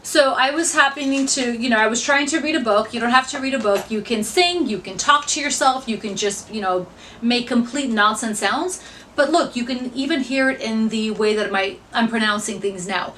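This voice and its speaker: Bright-voiced upbeat woman trainer. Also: on the high side, moderate pace, slight background noise. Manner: upbeat, chatty, explanatory. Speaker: presentation trainer. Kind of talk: instructional talk to camera.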